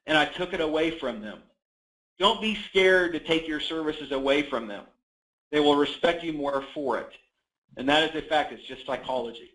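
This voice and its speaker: A man's voice: fairly high pitch, normal speed, a bit bright, echoey room, poor audio. A man coaching real estate agents in a webinar, talking with energy and many fillers.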